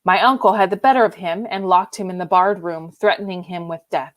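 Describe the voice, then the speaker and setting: A woman reading the lines of a grieving young woman who speaks quietly and firmly. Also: lowish voice, a little fast, no room sound, natural voice. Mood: accusing.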